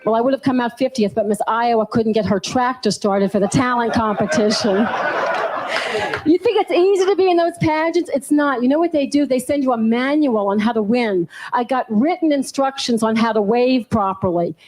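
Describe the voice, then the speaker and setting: A woman's voice: a little high, normal speed, darkish tone, a little hiss or hum. A young woman from New Orleans doing a playful, self-mocking stand-up routine. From New Orleans, USA. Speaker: stand-up comedian.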